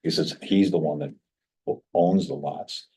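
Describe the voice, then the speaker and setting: A man with a very deep, dark voice reporting at a county work session in a meeting room. He rambles and restarts his sentences as he explains. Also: unhurried, rough recording. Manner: rambling, with false starts. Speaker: county staff member.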